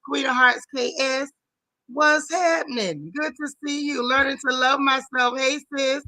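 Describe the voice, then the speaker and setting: A woman's voice: sits high, unhurried, sharp tone, no echo, poor audio. Sassy Southern woman greeting her viewers. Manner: chatty, greets viewers one by one, sassy slang. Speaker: show recap host. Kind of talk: casual livestream chat.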